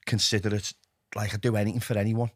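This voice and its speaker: A middle-aged man with a Liverpool accent, telling his own story as a podcast guest, lively and candid, dropping to a hush when he quotes himself. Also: lowish voice, quick pace, dry recording, studio quality. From England. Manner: animated, drops to a hushed voice when quoting himself.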